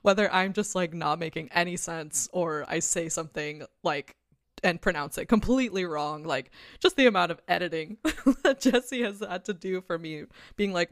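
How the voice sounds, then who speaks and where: A woman's voice: on the low side, moderate pace, no echo. A woman co-hosting a podcast in casual chat, laughing often and teasing herself. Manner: laughs often, animated and self-mocking. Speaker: podcast co-host.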